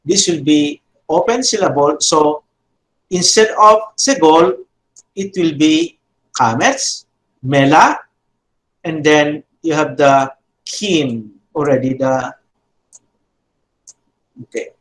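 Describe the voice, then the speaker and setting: A middle-aged man, giving a lesson slowly, with frequent fillers and repeated drills. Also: a little high, a bit bright, a little hiss or hum. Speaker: teacher. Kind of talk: classroom lecture. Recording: echoey room.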